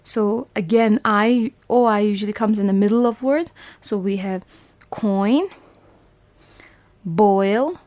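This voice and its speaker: A woman's voice: mid-range voice, slow, pauses often, a little mellow, dry recording. A woman from Bhutan teaching a phonics lesson to young children, patiently sounding out letters and repeating words. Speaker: primary school English teacher.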